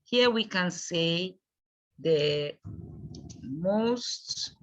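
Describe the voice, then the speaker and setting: Slow, patient woman teaching grammar. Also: mid-range voice, lively intonation, a bit bright. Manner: slow, repeats words, checks with "okay?". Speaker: English teacher. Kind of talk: bilingual grammar lesson. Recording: dull lo-fi recording.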